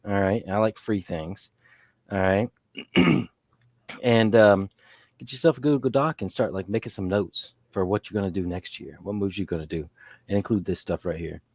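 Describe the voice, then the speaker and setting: Low-voiced man rambling on a podcast. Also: moderate pace, vocal fry, darkish tone, no room sound. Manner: rambling, full of restarts and fillers. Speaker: podcast co-host. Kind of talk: casual fantasy sports chat.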